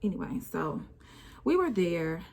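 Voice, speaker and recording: A woman's voice: fairly low pitch, big pitch swings, a little slow, vocal fry, darkish tone. Woman telling a rambling, emotional story. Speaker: vlogger. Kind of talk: casual storytime while doing makeup.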